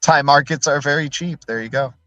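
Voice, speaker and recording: A man's voice: a little high, fairly quick, sharp tone, no room sound, soft background music, low-quality recording. A man hosting a live stream in a loose, rambling way, tagging his points with "right?" and answering viewer chat as he goes. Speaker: livestream host.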